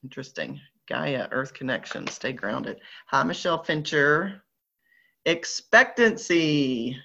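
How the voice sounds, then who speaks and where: In a bass voice that's creaky, pushed and bright, this Southern American woman speaks slowly and animatedly while reading oracle cards aloud to a live online group she leads. Her chat is upbeat and playful; the lo-fi recording is slightly dull with slight background noise.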